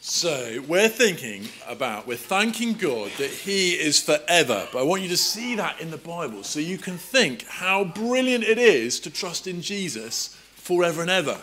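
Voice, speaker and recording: A man's voice: a little high, normal speed, few pauses, a little hiss or hum. A man preacher giving a playful all-age talk in a church service, quizzing the children and reading scripture aloud. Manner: animated, playful, quizzing the audience. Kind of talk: lively children's talk with questions.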